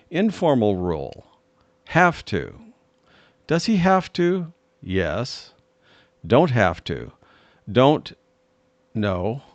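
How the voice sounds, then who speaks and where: A man reads English grammar rules and example sentences at an unhurried, careful pace. His voice sits at a middle pitch and moves up and down a lot. The recording is close and dry. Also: no room sound. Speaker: English teacher. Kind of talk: slow, deliberate language lesson reading.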